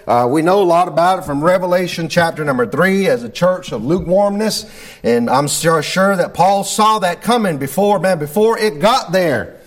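A man preaching a sermon and praying, fervent and repeating "Amen" and "Lord God". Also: sits high. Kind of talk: sermon with prayer.

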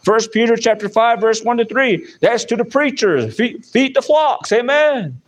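High-voiced, animated male preacher. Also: a little slow. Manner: animated preaching with frequent "amen" and repetitions. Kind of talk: sermon.

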